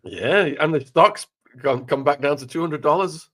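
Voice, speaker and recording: A man, hosting and questioning his guest in a measured way, summing up the points raised. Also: a little high, a bit bright. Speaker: host. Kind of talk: interview questioning.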